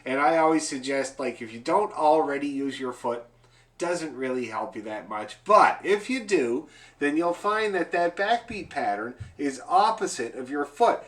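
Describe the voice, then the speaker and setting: A male fiddle teacher giving an online lesson, explaining bowing patterns and counting beats aloud in a relaxed, explanatory way. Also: a little high, moderate pace.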